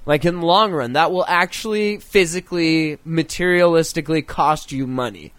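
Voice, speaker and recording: A man with a somewhat high voice hosts a loose, casual chat, reading news items and riffing on them. He swears freely and keeps cracking himself up. The sound is dry and close. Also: normal speed, a bit bright, no echo. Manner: profane, giggly, joking. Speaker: podcast host.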